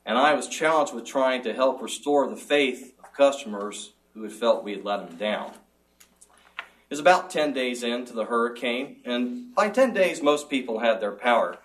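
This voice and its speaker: A man's voice: medium pitch, animated, normal speed, a bit bright, recorded from a distance, low-quality recording. A middle-aged man answering as a job candidate in a formal interview, speaking earnestly and measuredly with small restarts.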